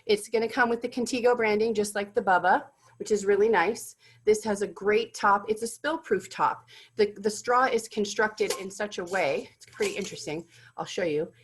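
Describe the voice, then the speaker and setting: A woman's voice: medium pitch, moderate pace, husky, low-quality recording. A woman presenting corporate gift drinkware in a product demonstration, enthusiastic and gushing about each item.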